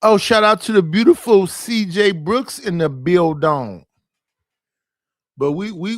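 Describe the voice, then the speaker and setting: Guy ranting on his stream at home, aave, kinda high voice, dry mic, exasperated and cussing. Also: slow pace, dry recording. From Oakland, California. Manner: exasperated, rhetorical, profane. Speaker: livestream host. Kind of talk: casual livestream rant. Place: his living room.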